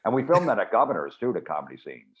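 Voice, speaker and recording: A man's voice: fairly low pitch, sing-song, quick pace. A man guest comedian telling rambling, dry anecdotes in a casual chat. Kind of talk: casual storytelling. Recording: dull lo-fi audio.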